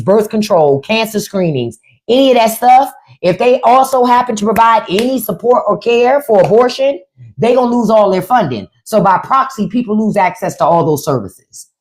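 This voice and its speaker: A woman's voice: fairly high pitch, expressive, moderate pace. A woman hosting a livestream, talking bluntly and profanely to her viewers, repeating lines for emphasis and turning sarcastic. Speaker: livestream host. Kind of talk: unscripted livestream commentary.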